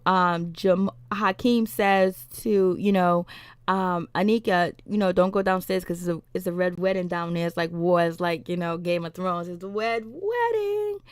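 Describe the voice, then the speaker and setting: A woman giving a casual, animated recap of a TV episode, retelling scenes with laughs and attitude, with some in her speech. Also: lowish voice, clear, resonant tone, no room sound. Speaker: TV recap vlogger.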